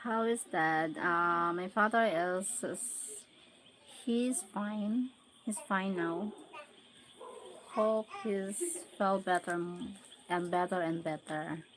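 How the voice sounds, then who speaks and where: On a low-quality recording with slight background noise, a Filipino livestream host chats casually with viewers, frequently laughing while she reads their names and comments out loud. Her voice is fairly low in pitch, fairly bright in tone, and slow. She is from the Philippines.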